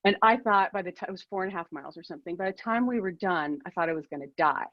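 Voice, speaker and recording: Speaking quickly in a lowish voice, a keynote speaker in her fifties tells a candid, self-deprecating personal story on a video call. There's no room sound, and the high frequencies are cut off.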